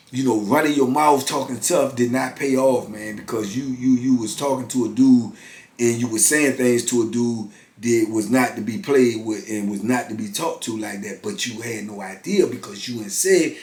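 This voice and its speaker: A man in his fifties telling a story in a casual, slangy way, filling his talk with "man" and "you know". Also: on the high side. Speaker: storyteller recounting prison life. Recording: roomy echo.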